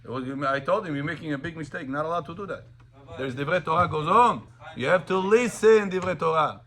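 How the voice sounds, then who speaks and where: A male rabbi teaching a class on Sabbath laws to students. He quizzes them, tells lively anecdotes, and switches between languages. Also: on the high side, brisk. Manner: animated storyteller, quizzes students, mixes in Russian and Hebrew.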